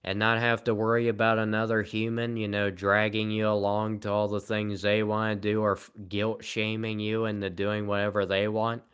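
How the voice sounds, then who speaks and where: Rambling deadpan man with Southern-tinged speech. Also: on the low side, normal speed, few pauses, clean tone. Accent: Southern American. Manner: rambling, deadpan and self-mocking. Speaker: live streamer. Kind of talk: casual livestream chat answering comments.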